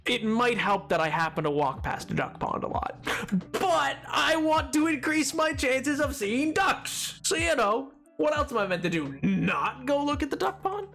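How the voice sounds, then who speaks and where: A man's voice: very high-pitched, sing-song, normal speed, vocal fry, bright, forceful tone, faint music behind. Goofy rambling male streamer. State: a little tired. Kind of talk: casual live-stream chat while gaming.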